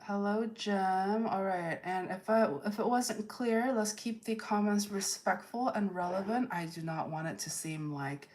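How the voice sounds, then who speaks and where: On her tarot livestream, a woman with a mid-range, somewhat dark voice reads comments from the audience. She speaks slowly and deliberately, setting the rules of the chat with firmness.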